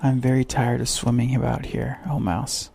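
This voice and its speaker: A man voicing Alice, a polite and eager young girl, in a gentle, soothing tone. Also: mid-range voice, little pitch movement, moderate pace, creaky, husky.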